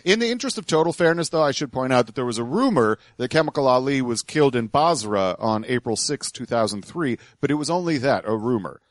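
A man's voice: medium pitch, expressive, fast talker, hardly any pauses, no echo. A man co-hosting a podcast, giving sardonic, dismissive commentary on clips. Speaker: podcast co-host.

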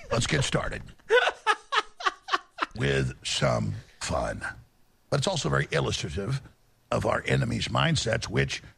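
A man delivering a bombastic broadcast monologue in a gravelly, raspy voice, swinging theatrically between low growls and sudden yelps. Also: fairly bright tone. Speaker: talk radio host.

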